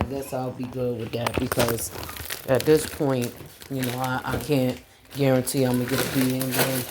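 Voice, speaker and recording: A tired young mother with a drawl rambles through a casual chat with her viewers, full of fillers. Her voice bounces around an echoey kitchen, and a steady noise hums underneath. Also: a bass voice. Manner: rambling, talks to viewers as y'all, lots of fillers. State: tired, yawning. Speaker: vlogger, mom. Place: home kitchen. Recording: echoey room with background noise.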